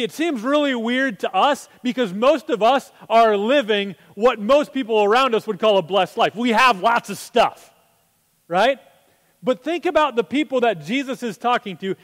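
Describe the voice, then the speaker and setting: Male pastor, high voice, chatty sermon delivery with plenty of rhetorical questions, long church reverb. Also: normal speed, a bit bright. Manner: conversational, asks rhetorical questions.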